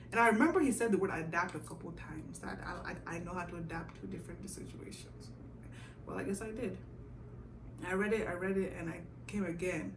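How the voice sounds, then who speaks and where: Young woman, storytime vlogger, bright edgy voice, lively reenactments, roomy sound from a set-back mic. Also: lowish voice, moderate pace, recorded from a distance, slight background noise. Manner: animated storyteller who acts out her own past reactions. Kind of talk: storytime vlog.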